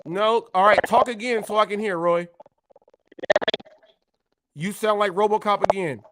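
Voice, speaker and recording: Male livestream host with a high voice, emphatic and repetitive, challenging his viewers. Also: fairly even intonation, a little slow, heavy background noise. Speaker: live show host. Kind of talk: heated livestream talk.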